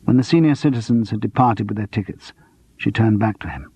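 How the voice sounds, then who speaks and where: A man narrating a cozy mystery audiobook in an expressive, steady storytelling manner. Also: fairly low pitch, brisk, husky. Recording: dull lo-fi dry audiobook recording.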